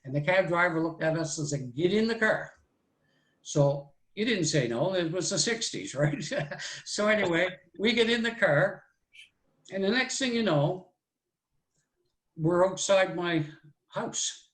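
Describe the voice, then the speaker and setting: A man's voice: sits high, measured pace, a bit bright, reverberant, poor audio. A man, telling a childhood story in a folksy, rambling way. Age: 60s. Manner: folksy and rambling, with "so anyway" and "right?". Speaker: guest storyteller. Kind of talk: live oral storytelling.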